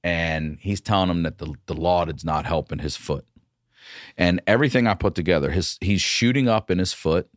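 Middle-aged male comic with a low, swooping delivery, dry close mic. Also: moderate pace, dry recording. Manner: animated, profane, storytelling. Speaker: comedian guest. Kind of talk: casual storytelling.

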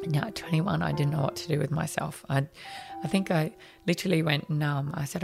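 Over music, an Australian woman in her thirties, a podcast guest, tells a personal story frankly and conversationally. Her voice sits low with a steady tone, fairly quick pace and vocal fry. She acts out what people said, using many fillers.

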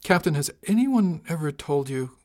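A man's voice: on the high side, lively intonation, normal speed, darkish tone, voice pushed up, natural voice. A man doing a wry, blunt helmsman. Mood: dry. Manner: blunt, dry, lightly insolent. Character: wry male helmsman, blunt, dryly cheeky. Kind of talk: audiobook character voice.

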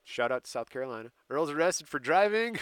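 A man's voice: on the high side, big pitch swings, a little fast, fairly bright tone, clean tone, no room sound. A man co-hosting a casual talk show, recounting a story date by date and laughing often. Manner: laughs often while recounting dates and events. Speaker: podcast co-host telling a story. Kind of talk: casual chat.

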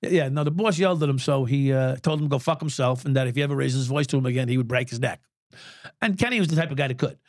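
A man's voice: medium pitch, very fast, darkish tone, no echo. Older guy, ex-cop, telling war stories on a podcast, cusses a lot, chuckles, dead dry studio sound. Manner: blunt, swears freely, chuckles through stories. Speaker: guest, former police officer. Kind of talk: candid conversational storytelling.

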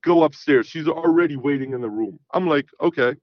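A man's voice: fairly high pitch, fairly quick, no room sound, muffled recording. A man in his thirties telling a long personal story in casual chat, rambling and often saying "you know what I mean". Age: 30s. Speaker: guest.

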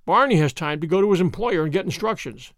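Voiced by a man, this dry-humored detective interrogates people in a crisp, teasing way, though the mood is severe. He speaks quickly in a high, lively voice. The audio is close-miked and dry, free of any echo.

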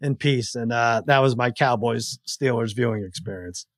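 A man in his forties telling a story in casual chat on a podcast, acting out his family's shouts. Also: medium pitch, moderate pace. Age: 40s. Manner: animated storyteller who acts out family members' shouts. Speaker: podcast guest.

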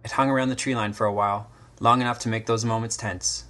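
A man reading a scripted first-person story, measured and literary, with short terse sentences. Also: medium pitch, steady tone, fairly bright tone. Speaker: story narrator. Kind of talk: scripted dramatic narration.

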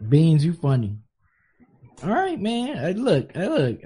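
A man hosting a live stream, chatting casually, laughing often, repeating phrases and shouting out viewers. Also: on the high side, wildly swooping pitch, takes it slowly, long pauses, husky. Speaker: stream host.

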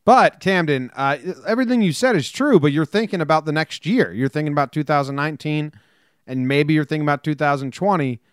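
A man co-hosting a casual sports podcast, joking and quick as he reads listener messages. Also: fairly high pitch, clean tone, no echo, clean studio sound. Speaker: podcast co-host.

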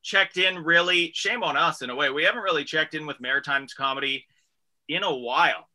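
Male radio host, energetic and jokey, very bright tone, sits a bit high. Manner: energetic, jokey, drawn-out announcer delivery. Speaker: radio comedy show host. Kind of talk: upbeat radio show hosting.

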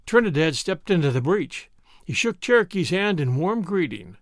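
A man narrating a storybook in an expressive reading style, shifting into character voices as he goes. His voice sits fairly high and rises and falls a great deal. The sound is dry and close to the mic. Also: normal speed, dry recording.

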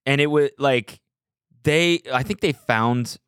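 A man hosting a podcast, chatting casually and asking relaxed follow-up questions. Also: mid-range voice, slow, smooth, no room sound, clean studio sound. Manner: laid-back, asks follow-up questions. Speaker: podcast host.

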